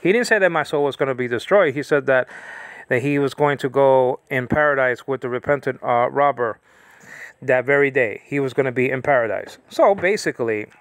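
A man teaching the Bible in a casual, rambling monologue, often correcting himself and slowly reading out Greek words. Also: medium pitch, no echo.

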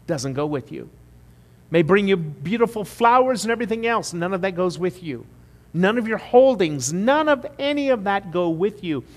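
A man preaching a sermon as pastor, emphatic at the peaks and quiet and slow when he appeals to the congregation. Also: high voice, animated. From United States. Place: church sanctuary. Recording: long church reverb.

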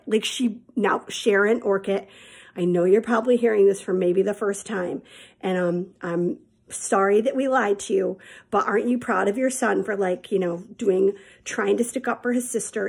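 Gravelly-voiced woman teacher telling a story. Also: mid-range voice, normal speed. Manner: chatty and candid, addresses children as friends. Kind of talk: storytelling video for students.

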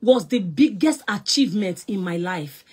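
A woman's voice: animated, moderate pace, breathy edge. Scolding Nigerian woman on a live stream. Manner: loud and scolding, mixing Pidgin English, big swings in pitch and volume. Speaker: actress and film producer on a live stream.

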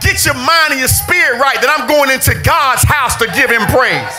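A middle-aged man preaching a sermon in a church, often raising his voice to a shout for emphasis. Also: extremely high pitch, expressive, normal speed, music in the background, a crowd in the background. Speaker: pastor. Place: church sanctuary.

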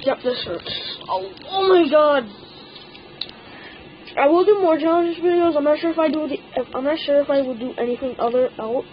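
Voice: high-pitched, normal speed, lo-fi sound, slight background noise. A teenage gaming channel host giving casual gameplay commentary, stammering and complaining that something hurts.

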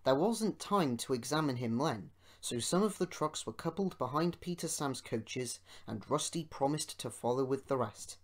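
A man reading a children's storybook aloud as an amateur audiobook narrator, in a measured way. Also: medium pitch, animated. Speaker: podcast host reading an audiobook.

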